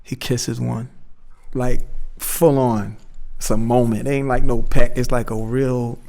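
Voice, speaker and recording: A man tells an animated story in a loose, casual style and drops into slang. His voice sits at a middle pitch for a man. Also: measured pace, creaky. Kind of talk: animated anecdote.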